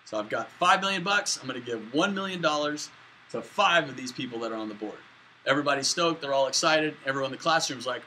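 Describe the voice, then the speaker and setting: A man's voice: fairly high pitch, fast talker, bright, forceful tone, slight background noise, low-quality recording. A man lecturing a statistics class at a whiteboard, in a casual, chatty way with jokey asides. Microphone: camera in the room, moving away to the board.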